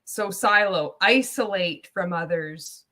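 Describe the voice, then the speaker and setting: A woman's voice: lowish voice, slow pace, pushed and bright. A woman hosting a casual livestream reaction, chatty and laughing often as she talks. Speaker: host.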